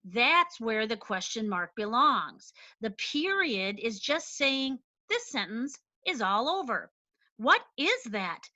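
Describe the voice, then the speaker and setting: A woman teacher explaining a lesson slowly and deliberately, stressing each point. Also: fairly high pitch, sing-song, pushed and bright, dry recording. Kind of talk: recorded classroom lesson.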